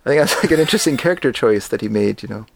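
A man's voice: mid-range voice, animated, racing, creaky, slightly rough. A middle-aged man co-hosting a casual film podcast, rambling and correcting himself as he goes. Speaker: podcast co-host.

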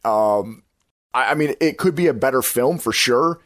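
A man hosts a casual movie podcast, talking in an enthusiastic, rambling way. He circles back on his points and corrects himself as he goes. His voice sits at an ordinary middle pitch and sounds dry and close, with no room echo. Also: expressive, normal speed, a bit bright. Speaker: podcast host. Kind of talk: casual film-review chat.

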